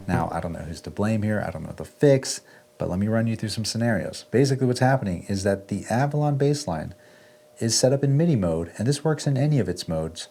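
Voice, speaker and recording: A man hosting a casual music gear walkthrough, relaxed and chatty, often checking in with "right?". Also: on the low side. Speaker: music gear video host. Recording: faint synth music underneath.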